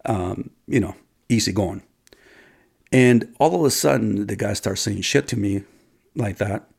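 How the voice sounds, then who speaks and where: A man's voice: on the low side, unhurried, vocal fry, a little mellow, husky. A man telling a personal story to his viewers in a rambling, casual way, with many restarts and occasional swearing.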